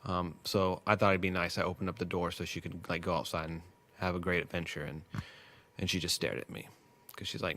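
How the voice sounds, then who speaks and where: A man's voice: sits low, fairly even intonation, fairly quick, bright, forceful tone. A man rambling casually as host of a test livestream at work, joking and losing his train of thought. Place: workplace.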